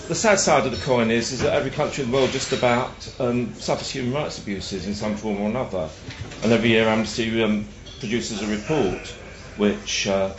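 A man representing a charity, giving a measured speech at a live event, with frequent ums and uhs. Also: lowish voice, roomy sound, muffled recording, background noise.

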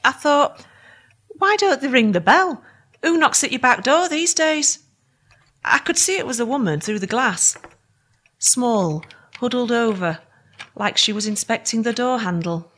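A nervy housewife. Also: female voice, fairly high pitch, animated, unhurried, fairly bright tone. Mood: reflective. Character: Anne, anxious miner's wife caring for husband. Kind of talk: radio drama.

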